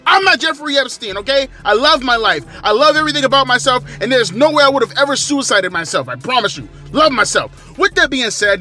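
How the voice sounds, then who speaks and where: A man's voice: high-pitched, expressive, a little fast, hardly any pauses, sharp tone, soft background music. A man in his thirties giving a profane, ranting review of a wrestling show from his living room. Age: 30s. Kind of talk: ranting casual commentary.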